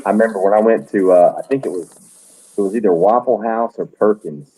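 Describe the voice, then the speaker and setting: Southern man with a low, dark voice. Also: fairly quick, husky, rough recording. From Deep South of the US. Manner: rambling storyteller, many "like" and restarts. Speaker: homesteading show host. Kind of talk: casual chat while canning.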